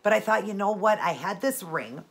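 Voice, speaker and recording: A woman's voice: medium pitch, expressive, normal speed, fairly bright tone, breathy edge. A middle-aged woman with a stuffy nose from allergies, chatting casually through her outfit, jewelry and makeup at home with many rambling asides. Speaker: fashion and beauty vlogger. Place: indoors at home.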